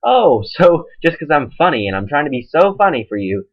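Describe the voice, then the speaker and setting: A man's voice: on the high side, very animated, brisk. A young man ranting in a webcam monologue, exasperated as he retells a quarrel with a friend through quoted back-and-forth. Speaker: webcam vlogger. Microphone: webcam microphone. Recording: dull lo-fi webcam audio.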